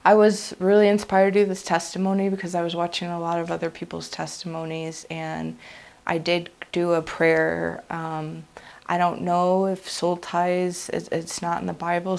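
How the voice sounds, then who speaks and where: A woman's voice: lowish voice, level tone, moderate pace, creaky, a little mellow. A woman giving an earnest, unscripted personal testimony, speaking in a heartfelt, confessional way. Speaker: vlogger sharing a religious testimony.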